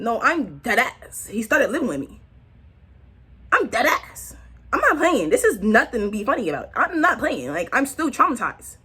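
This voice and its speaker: Animated young New woman. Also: normal speed, breathy edge. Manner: animated, slangy, dramatic pitch swings. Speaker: vlogger. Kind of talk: casual storytime.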